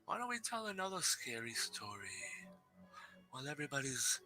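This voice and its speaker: A man with a very bright, sharp tone hosts a casual live stream over a headset mic. He chats loosely, pokes fun at himself and reads scary stories aloud. Faint music plays behind him. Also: medium pitch, huge pitch swings, moderate pace. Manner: loose, chatty and self-deprecating, laughs often. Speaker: live show host.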